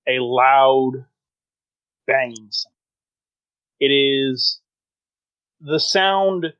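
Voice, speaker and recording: A man's voice: mid-range voice, a bit bright, dull audio. A man narrating a tabletop game as game master, describing scenes with many fillers.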